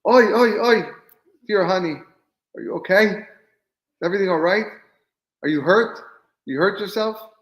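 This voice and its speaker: A man voicing a wife in a made-up scene, speaking in loud, raised exclamations. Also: high voice, a little slow, pauses often, reverberant, pitched above the performer's own voice, low-quality recording. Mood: fussing, caring. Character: wife, adult woman, doting then scolding.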